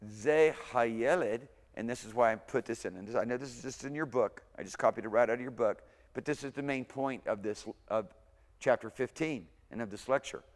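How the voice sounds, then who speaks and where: A man's voice: medium pitch, in a large hall. A man giving an informal language lecture, thinking aloud and often correcting himself. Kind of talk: recorded university lecture.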